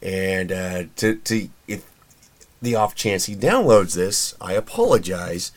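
A man's voice: deep voice, animated, takes it slowly. A man hosting a podcast in a casual solo commentary, chatty and opinionated, with plenty of fillers and restarts. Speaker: podcast host.

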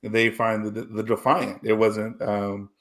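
This podcast co-host, a man, discusses a film in casual chat packed with fillers and restarts. He speaks slowly and flatly in a fairly low voice that's a bit bright.

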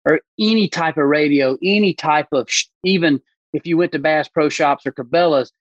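Brief: male podcast guest, animated storyteller, higher voice, muffled lo-fi recording. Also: moderate pace, dry recording. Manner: animated storyteller who acts out quoted voices. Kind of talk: casual podcast conversation.

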